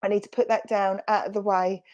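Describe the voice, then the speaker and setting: This spiritualist medium, a woman with a Romford, Essex accent, relays spirit messages during an online service heard through a video call, and the recording sounds muffled. Her medium-pitched, darkish voice is brisk with little pitch movement, and she's chatty and reassuring, full of fillers and self-corrections.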